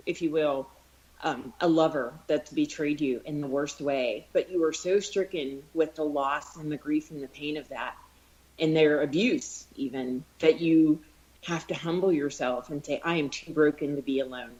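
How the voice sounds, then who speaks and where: A woman's voice: low voice, a little slow, a little mellow, highs cut off. A woman talking casually and earnestly on a podcast, retelling scenes with feeling and often restarting her phrases. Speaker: podcast co-host. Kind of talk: casual discussion on faith.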